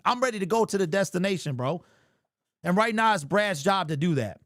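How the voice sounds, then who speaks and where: A high-pitched man hosts a fan sports talk stream and reads chat aloud, ranting in an animated and exasperated way. His voice is quite high for a man, and the sound is close and dry, with no room echo. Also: a little fast. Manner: animated, exasperated ranting, keeps saying "bro".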